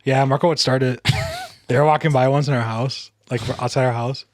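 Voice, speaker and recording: Fast-talking young man telling stories. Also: medium pitch, no room sound. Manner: animated storyteller, swears casually. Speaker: podcast co-host. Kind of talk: casual chat among friends.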